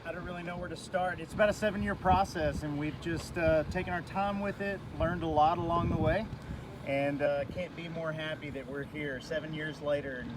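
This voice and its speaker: Soft-spoken guy, a bit hesitant, far from the phone mic, outdoor noise. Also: fairly high pitch, fairly even intonation, a little fast. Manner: hesitant, plainspoken. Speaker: lake owner. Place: outdoors by a lake.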